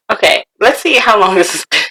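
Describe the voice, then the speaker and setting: Woman, podcast co-host, bright voice, chatty, reads posts aloud, laughs easily. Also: a little high, husky, rough recording. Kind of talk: casual chat reading forum posts aloud.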